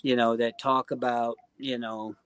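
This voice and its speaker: A man guesting on a casual podcast interview, talking earnestly and warmly, with lots of "you know" and "um". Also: mid-range voice, little pitch movement, unhurried, a little hiss or hum. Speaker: guest singer-songwriter.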